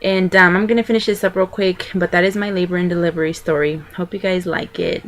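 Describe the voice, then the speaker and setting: A woman's voice: on the low side, steady tone, quick pace, a little hiss or hum. A young woman vlogger casually telling a personal story, rambling and chatty with lots of fillers and restarts.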